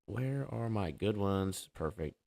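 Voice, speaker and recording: A man's voice: on the low side, expressive, slow pace, vocal fry, darkish tone. A man hosting a casual livestream debate show, talking loosely and joking as he sets things up. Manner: loose, joking, hype-style banter.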